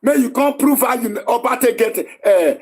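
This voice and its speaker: Heated Nigerian male stream host, raised husky voice, barks orders and repeats himself. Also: extremely high pitch, normal speed, a little mellow. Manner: combative, scolding, repetitive. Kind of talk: heated live-stream argument.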